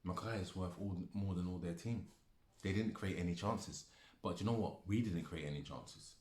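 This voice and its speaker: A man's voice: low voice, moderate pace, a little mellow. A male football fan ranting angrily, repeating himself and swearing as he argues. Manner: repetitive, heated, swearing. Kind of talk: angry football rant. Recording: echoey room.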